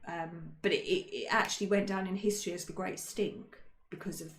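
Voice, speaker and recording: Brisk and steady-toned, a woman with a lowish voice co-hosts a relaxed history podcast in an indoor room alongside her co-host. She's chatty and jokes around, with lots of ums and self-corrections, over a roomy echo and slight hiss or hum.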